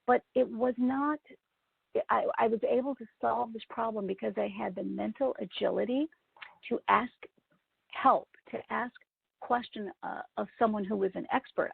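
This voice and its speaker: A woman with a strongly gravelly, husky voice shares a personal story as a lesson for event professionals, turning to her listeners with asides. The sound is thin and phone-like, dry with no room around it. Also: mid-range voice, dry recording. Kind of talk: storytelling talk.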